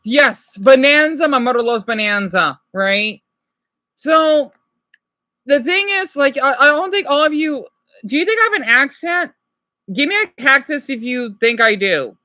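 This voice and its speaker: A woman's voice: high voice, pushed and bright, no echo. A woman streaming live, chatting casually and answering viewers' comments as she reacts to a video. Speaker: livestreamer.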